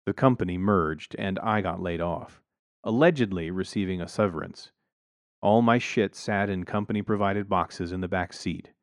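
A man's voice: deep voice, moderate pace, dry recording. A man narrating a first-person story in a dry, wry way on a close mic.

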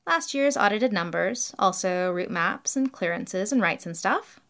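A woman's voice: mid-range voice, lively intonation, a little slow, a bit bright. A woman voicing a cheery, carefree young woman who manages a motel, speaking in a breezy, unbothered way.

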